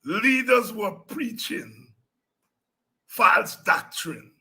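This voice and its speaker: A man hosting a political talk show, telling animated stories and breaking into song. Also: high-pitched, very slow. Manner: animated storytelling, breaks into singing and shouting. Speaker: show host.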